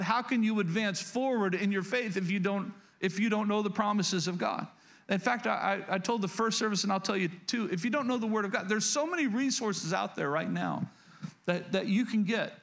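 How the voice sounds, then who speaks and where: A man with a fairly high voice preaching a sermon to his congregation. He stumbles and restarts often, repeats his key phrases, and keeps calling out to everyone in the room. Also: a bit bright. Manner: repetitive, stammering restarts, addresses congregation directly. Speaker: pastor.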